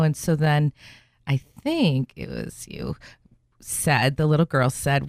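Her voice is low, gravelly and sing-song, moving a little slowly. She's a middle-aged radio host in a studio, conducting a casual interview with chatty stories and many fillers, captured cleanly with no echo.

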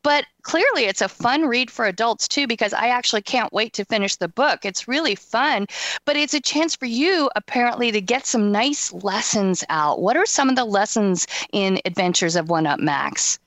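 A woman hosting an interview, talking in an animated, emphatic way. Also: on the high side, normal speed, no room sound. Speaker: interview host. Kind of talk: casual interview chat.

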